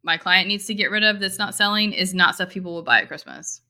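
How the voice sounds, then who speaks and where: A woman's voice: mid-range voice, quick pace, bright, forceful tone. A woman co-hosting a casual business chat, talking loosely with many fillers and restarts. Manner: chatty, lots of fillers and restarts. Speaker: e-commerce marketer and co-host.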